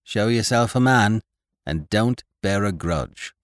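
A man's voice: on the low side, expressive, slow pace, no room sound, studio quality, voice pushed up. A man voicing a blunt, mocking young woman in an audiobook reading.

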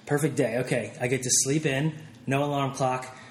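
Male interview guest, candid and rambling, mid pitch, roomy room with slight hiss. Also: steady tone, moderate pace. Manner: candid, laughing, with many fillers and restarts. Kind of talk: casual interview chat.

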